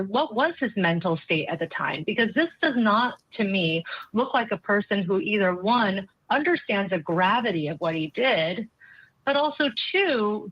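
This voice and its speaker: A woman psychologist giving measured, analytical commentary as a guest. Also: medium pitch, no room sound, lo-fi sound. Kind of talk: expert commentary.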